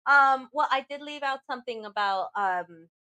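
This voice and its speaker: Woman, radio co-host, chatty, giggly, fairly high-pitched. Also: moderate pace, pushed and bright, clear, resonant tone. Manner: chatty, giggly, with many fillers. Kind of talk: casual radio talk show banter.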